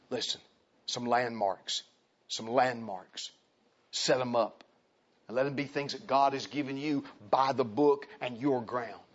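A middle-aged man, preaching a sermon in church, dropping to quiet testimony and rising to loud, high exhortation. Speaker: pastor. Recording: dull lo-fi sound.

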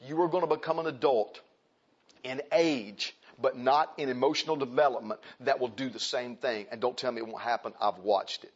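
A man preaching a conversational sermon, repeating phrases for emphasis and swinging between loud raised points and quiet, low asides. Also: normal speed, husky. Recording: dull lo-fi recording.

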